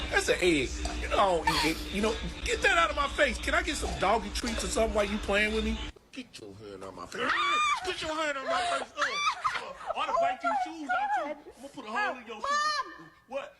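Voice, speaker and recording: A man's voice: very high voice, full character voice. A man voicing a sassy, grumbling male pet dog in an internet video, full of indignant street-talking banter. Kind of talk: internet animal voice-over video.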